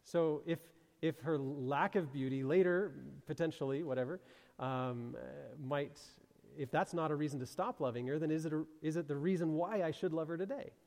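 A man's voice: fairly high pitch, normal speed, darkish tone, big-room sound. A man preaching a sermon in a loose, conversational way, thinking aloud and reading scripture aloud.

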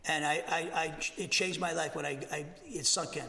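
A man in his sixties from Massachusetts with a Boston accent, teaching a Bible lesson as a pastor in a conversational, animated way, full of restarts and asides. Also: a little high, normal speed, vocal fry, big-room sound, slight background noise. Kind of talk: expository sermon lesson. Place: church sanctuary.

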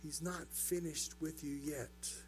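A man's voice: fairly high pitch, fairly even intonation, slow pace, soft background music. A pastor preaching a sermon, building his points through rhetorical questions and repetition.

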